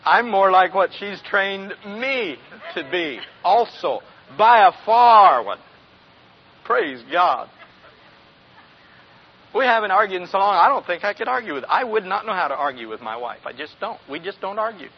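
A pastor in his sixties delivers a folksy sermon in a high, sing-song voice that is gravelly with a breathy edge, at a moderate pace. He often asks the congregation questions and chuckles, captured on a dull lo-fi recording.

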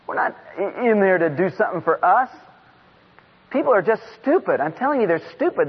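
A high-pitched, husky-voiced middle-aged man preaching with passion from a church pulpit, his words climbing into near-shouts. The recording is dull and lo-fi, with a long reverb tail trailing off the sanctuary walls. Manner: impassioned, rising to shouts. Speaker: guest preacher. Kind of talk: sermon. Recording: dull lo-fi sound in a reverberant hall.

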